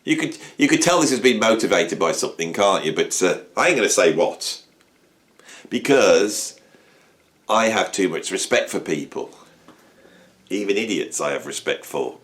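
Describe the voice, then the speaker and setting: A man, talking to camera on his music channel in an animated, rambling, self-mocking way. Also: sits low, normal speed. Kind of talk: casual talk to camera.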